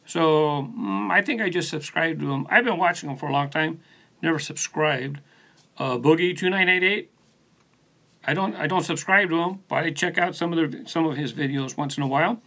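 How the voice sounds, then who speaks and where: A man with a gravelly, bright voice that sits a little high, hosting a relaxed live stream from his studio. He rambles easily through viewer comments, calling people by name, picked up on a phone propped on a post. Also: moderate pace. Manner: laid-back, rambling, answers viewers by name. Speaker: channel host. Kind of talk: casual live stream chat reading comments.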